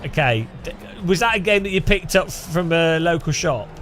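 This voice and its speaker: An English game streamer chats casually with his live-stream audience, laughing often and greeting viewers by name. His voice is on the high side, expressive and a bit bright, at a moderate pace, with faint music in the background.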